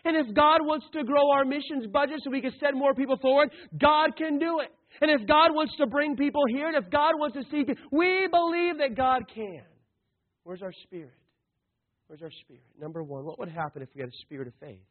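A man preaching a sermon, animated, acting out the voices of the story he tells. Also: extremely high pitch, a little fast. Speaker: pastor. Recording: tinny phone-like recording.

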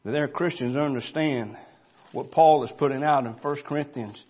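A pastor, preaching a folksy sermon that builds to loud, emphatic shouting. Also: male voice, fairly high pitch, a little fast, highs cut off.

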